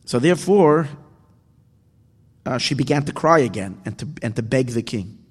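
A man reading and explaining a parable, halting often and restarting his words. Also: mid-range voice, animated, slightly rough. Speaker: teacher. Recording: echoey hall with long reverb.

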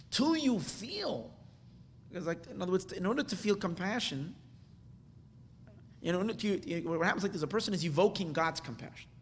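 Emphatic man teaching in an echoey hall. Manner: emphatic, with sudden high bursts and soft asides. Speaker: Torah teacher. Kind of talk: Hasidic text class. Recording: echoey hall with faint rumble.

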